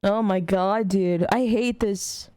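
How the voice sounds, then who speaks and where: A woman's voice: medium pitch, takes it slowly, mellow, smooth, dry recording. A young adult woman streaming a reaction video, talking casually and earnestly to her chat with lots of slang, fillers and swearing. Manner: earnest, talks directly to chat.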